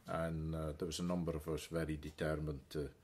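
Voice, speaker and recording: Farmer guy, really low voice, slow, lots of uhs and repeats. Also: flat delivery, darkish tone. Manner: deliberate, with frequent hesitant fillers and repeated words. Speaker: island livestock farmer. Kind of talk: reflective interview storytelling.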